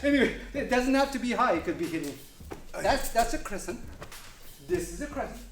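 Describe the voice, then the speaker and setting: A man's voice: very high-pitched, animated, brisk, a bit bright, slight background noise. Joking kung fu instructor man. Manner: loose, joking, many fillers and restarts. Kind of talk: casual demonstration lesson. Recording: echoey room.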